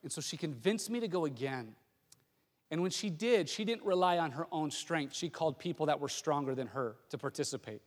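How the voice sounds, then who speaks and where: A middle-aged pastor with a high voice delivers a sermon through a personal story. He tells it in a lively way and often stumbles and restarts his sentences. His voice carries a long reverb from a large hall. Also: a little fast.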